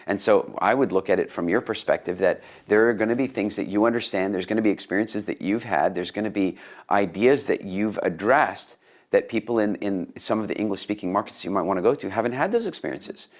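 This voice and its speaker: A middle-aged man being interviewed, telling stories in a lively conversational way. His voice jumps up when he quotes other people. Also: brisk. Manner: animated, rises in pitch when quoting others. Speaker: interview guest, speaker and coach.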